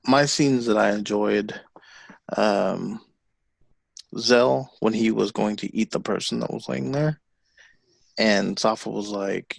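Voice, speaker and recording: A man co-hosting a podcast, retelling comic book scenes in a lively, animated way. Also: on the low side, slow, gravelly, pauses often, no room sound. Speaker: podcast co-host. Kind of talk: casual chat about a comic.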